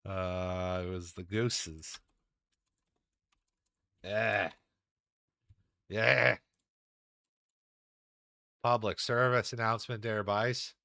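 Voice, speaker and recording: A rambling man streaming a game, full of slang and swearing. His voice sits low, and the sound is close and dry with no room around it. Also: fairly even intonation, drawn-out words, creaky, long pauses, bright, forceful tone, no echo. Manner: rambling, profane, folksy slang. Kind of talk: casual gaming stream chat.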